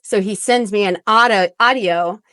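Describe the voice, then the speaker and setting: A woman guest on a podcast, a relationship coach, telling stories in a blunt, profane and animated way. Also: medium pitch, normal speed, dry recording, studio quality. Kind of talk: casual podcast storytelling.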